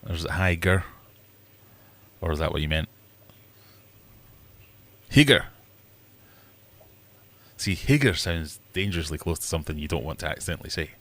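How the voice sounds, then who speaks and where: Low-voiced man rambling jokily. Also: fast talker, a bit bright. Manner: rambling and jokey, acting out other people's voices; self-mocking asides. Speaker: livestream host. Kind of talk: casual livestream chat.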